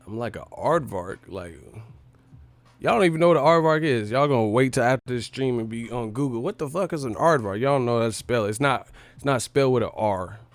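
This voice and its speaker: A man's voice: medium pitch, lively intonation, brisk, dry recording. A man hosting a livestream, ranting in a comic, profane and mocking way. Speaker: livestream host. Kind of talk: comedic livestream rant.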